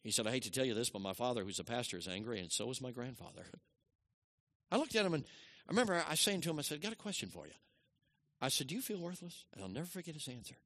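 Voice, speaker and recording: Man preaching with wide swings in pitch. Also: animated, quick pace. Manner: dynamic preaching, swinging from loud emphasis to hushed asides. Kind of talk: sermon.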